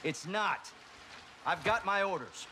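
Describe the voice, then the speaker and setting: An actor playing a cool, smug mercenary commander who speaks in a calm, measured, menacing way. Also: male voice, sits high. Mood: coolly menacing. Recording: rain noise behind game audio.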